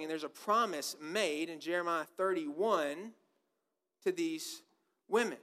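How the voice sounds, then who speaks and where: A man's voice: high voice, fairly bright tone. A man preaching a sermon, emphatic and full of repeated rhetorical questions.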